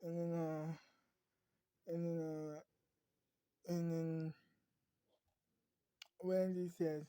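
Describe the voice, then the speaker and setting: A woman telling an improvised story in a halting way, with many fillers and restarts. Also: lowish voice, flat delivery, mellow, clear, resonant tone, dry recording.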